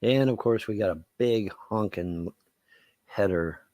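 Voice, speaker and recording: A man's voice: fairly low pitch, takes it slowly, a little mellow, no echo. A man hosting a live-stream commentary, rambling and sarcastic with crude language, on a close desk mic. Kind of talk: casual ranting commentary.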